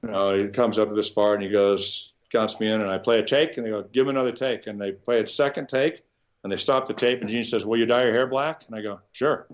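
A fairly quick, lowish male voice comes through with lo-fi sound. The speaker, a guitarist from Nebraska, meanders through animated tales in a casual interview, restarting a lot and dropping the occasional swear.

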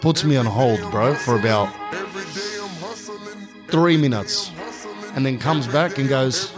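A man's voice: mid-range voice, takes it slowly, over music. Man telling a comic story. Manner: animated, acts out characters in dialogue. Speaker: comedian.

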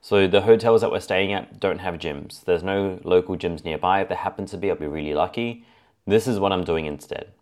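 A man's voice: low voice, brisk, a little mellow. A man hosting a solo fitness podcast, talking casually and laying out his tips point by point. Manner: chatty, lists points as A and B. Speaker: fitness coach podcast host.

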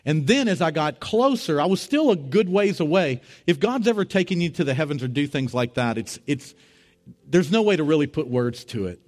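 Animated pastor telling a sermon story. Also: male voice, a little fast. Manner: animated, rising to high excited voices when retelling dialogue.

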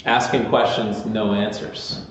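A fairly low-voiced pastor delivers a sermon flatly and without hurry, talking casually with fillers and false starts. The recording is distant, echoey and muffled in a large church sanctuary, with slight background noise.

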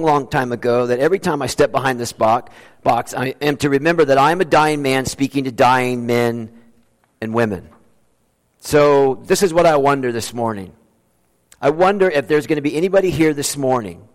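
A man preaching a sermon as pastor in an earnest, conversational way. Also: mid-range voice. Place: church sanctuary. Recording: long reverb of a large church.

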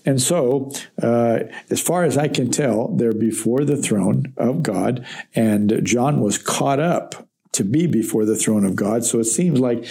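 A man's voice: mid-range voice, a little slow, gravelly. A man giving a reflective, conversational verse-by-verse Bible teaching as a podcast teacher. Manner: reflective, conversational, with gentle fillers.

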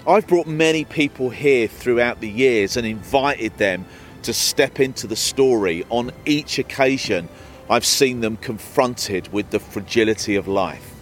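A man's voice: medium pitch, a little slow, soft background music. Solemn male documentary presenter. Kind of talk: scripted documentary narration.

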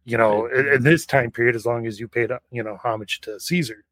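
A man's voice: mid-range voice, steady tone, brisk, fairly bright tone. A man co-hosting a casual podcast, explaining history details in a wry, nerdy way. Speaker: podcast co-host. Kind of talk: casual review chat.

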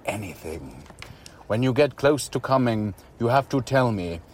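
A man voicing a dominant male lover who speaks in a low, firm, controlled way. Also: animated, unhurried, a little mellow, breathy edge. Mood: commanding.

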